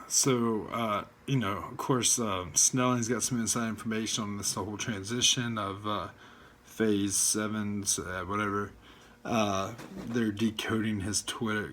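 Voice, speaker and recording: A man rants casually in his video blog from home at the computer. He talks in a low voice, rambling and halting, with many fillers and blunt swearing. A faint hiss sits behind him. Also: fairly even intonation, a bit bright. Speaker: fan vlogger. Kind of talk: casual rant.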